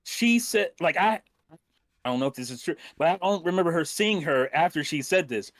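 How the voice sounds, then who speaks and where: Laughing, slightly higher-voiced man. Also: animated, a little fast, a bit bright. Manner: laughs often, swears casually. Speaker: podcast co-host. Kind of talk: casual chat.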